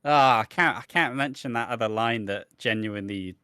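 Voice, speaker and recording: A man, co-hosting a casual podcast and telling stories in an animated, sweary way. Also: medium pitch, moderate pace, smooth, no echo, studio quality. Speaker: podcast co-host.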